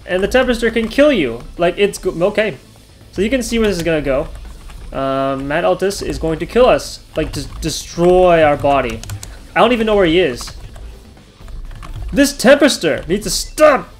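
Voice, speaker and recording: A man hosting his own gaming channel, talking through his play, yelling and laughing at close calls. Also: high-pitched, expressive, moderate pace, soft background music. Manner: chatty, talks over his play. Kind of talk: gameplay commentary.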